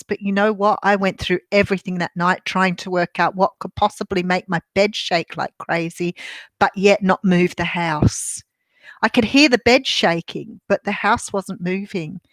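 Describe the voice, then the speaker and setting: An older Australian woman chats to her live-stream viewers about her readings. She rambles along with plenty of ums and restarts. Her mid-pitched voice is recorded close and dry, with no room echo. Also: a bit bright. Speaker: tarot reader and medium hosting a live stream. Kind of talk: casual live-stream chat. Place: a room at home.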